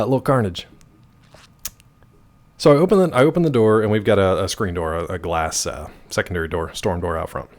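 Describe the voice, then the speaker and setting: A male game streamer casually telling a story to his chat, animated and laughing often. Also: on the low side. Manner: animated, laughs often, swings loud and quiet.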